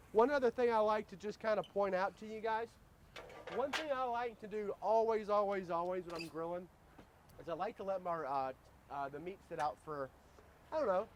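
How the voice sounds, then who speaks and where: A man's voice: high-pitched, slight background noise. A man hosting a casual cooking demo outdoors at a grill, joking around and talking to viewers as "guys.". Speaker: grill cooking show host.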